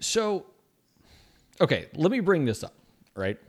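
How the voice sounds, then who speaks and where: Young male co-host, casual chat, expressive pitch, talks in loose rambling runs. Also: unhurried. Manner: animated, rambling with restarts and "right?" tags. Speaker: podcast co-host.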